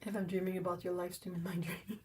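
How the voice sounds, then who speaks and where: A woman hosting a casual livestream from home, chatty and exclamatory with frequent laughs, cooing softly at her cats. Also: lowish voice, level tone, fast, poor audio. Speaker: livestream host.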